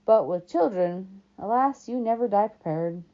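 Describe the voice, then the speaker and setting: A woman voicing a smooth, greedy male ferryman of the dead, with a put-on British-like accent, drawling sweetly and coldly. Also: mid-range voice, animated, unhurried, warm tone. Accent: put-on British-like accent, as a second language. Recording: dull lo-fi recording.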